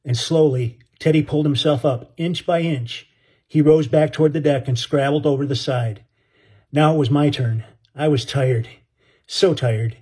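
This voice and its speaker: A man's voice: fairly high pitch, normal speed, warm tone, husky. A man narrating an audiobook story in an earnest, dramatic way.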